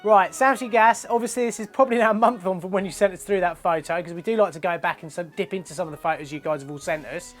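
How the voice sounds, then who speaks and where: A man's voice: sits high, fast, few pauses, soft background music. A man hosting a plumbing show, chatting casually and jokily about viewers' photos. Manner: jokey, chatty, laughs often. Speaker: host of a plumbing channel.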